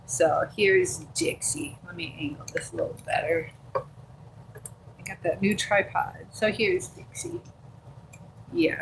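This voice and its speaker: A woman hosting a casual livestream from her phone, talking in a loose, rambling way as she reads out viewer comments and answers them with lots of ums and likes. Her pitch sits in an ordinary middle range, and a faint hiss of background noise runs underneath the recording. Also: unhurried, low-quality recording. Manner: chatty and rambling, reading viewer comments aloud with many fillers. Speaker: livestream host. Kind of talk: casual live-stream chat. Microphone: handheld phone.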